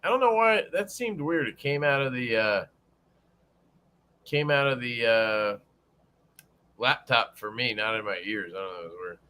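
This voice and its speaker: Profane, lively young man streaming. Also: medium pitch, normal speed, long pauses. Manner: profane, joking, greets chat viewers. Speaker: livestream host. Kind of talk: casual livestream chat.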